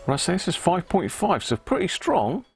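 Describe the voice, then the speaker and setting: A man's voice: sits high, big pitch swings, normal speed, gravelly, slightly rough, faint music behind. A man from Britain hosting a casual live stream, chatting away, often laughing and thanking viewers. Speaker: livestream host.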